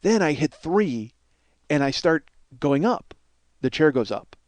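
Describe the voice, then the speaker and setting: A man in his forties, a podcast host telling a comedic story in a casual, animated way, swearing and laughing along. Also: on the high side, unhurried, no room sound. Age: 40s.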